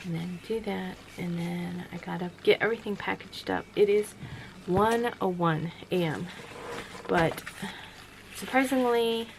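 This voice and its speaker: A woman's voice: lowish voice, unhurried, vocal fry, noisy background. A tired woman chatting casually and rambling at home late at night, with lots of fillers and restarts. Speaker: vlogger running a small sewing business. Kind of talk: casual chat. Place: home workroom.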